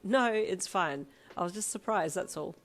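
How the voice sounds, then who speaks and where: A woman's voice: lowish voice, lively intonation, slow, a bit bright, faint music behind, full character voice. A woman voicing a cheerful, goofy teenage girl with a playful, theatrical way of talking, in a storybook reading.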